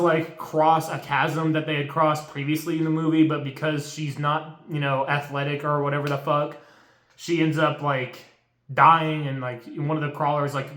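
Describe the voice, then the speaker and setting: A man's voice: on the high side, a bit bright. A young man recapping a horror movie in a casual, profane, exasperated rant full of slang. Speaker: movie reviewer. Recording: roomy echo.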